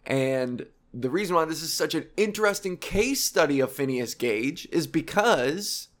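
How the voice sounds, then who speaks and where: Young male host, a touch high-pitched, sarcastic rambler, casual explainer, swears freely. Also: expressive, measured pace, fairly bright tone. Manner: rambling, sarcastic, profane asides. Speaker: video host.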